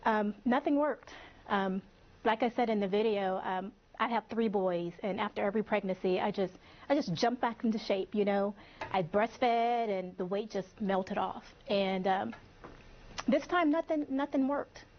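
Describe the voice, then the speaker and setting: A woman answers questions in a live TV interview. She is emotional and stops and restarts often. Her mid-pitched voice comes through slightly dull broadcast audio. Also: a little hiss or hum. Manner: emotional, halting, many restarts. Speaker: interview guest.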